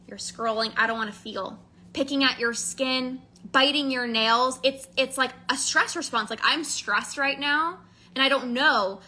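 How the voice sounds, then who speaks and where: A woman podcast host and binge eating coach talking in a casual, animated monologue, quickly acting out little quotes. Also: high-pitched. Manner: fast, animated, acts out quotes.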